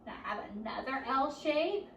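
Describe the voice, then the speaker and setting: A woman leading a children's storytime at a library, speaking slowly and encouragingly and asking the children questions as she goes. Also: high-pitched, expressive, slight background noise. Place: library room. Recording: roomy, distant camera audio.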